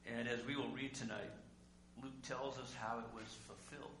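Conversational male pastor, bright and echoey. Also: medium pitch, little pitch movement, normal speed. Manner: conversational, with rhetorical questions and dramatic swings in loudness. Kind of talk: sermon. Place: church sanctuary. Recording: echoey room with faint hum.

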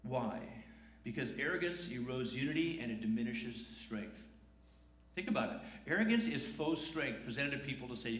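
A man's voice: medium pitch, lively intonation, normal speed, fairly bright tone. A man preaching a sermon in a conversational way, asking rhetorical questions. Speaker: pastor. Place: church sanctuary. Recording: echoey church room.

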